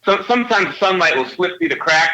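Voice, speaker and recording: A man's voice: sits high, expressive, quick pace, pushed and bright, dull audio. A man in casual podcast chat, telling a laid-back story with crude humor. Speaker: podcast co-host.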